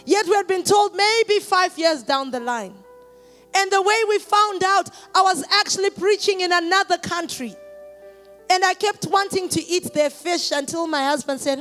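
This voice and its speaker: Very high-pitched, bright-voiced woman preacher. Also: moderate pace, soft background music. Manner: builds from quiet testimony to shouted exhortation. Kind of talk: sermon.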